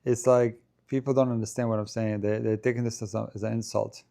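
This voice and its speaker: A man streaming casual live commentary on a tennis match, chatty play-by-play that rises in excitement at big points. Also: lowish voice, fairly quick, creaky.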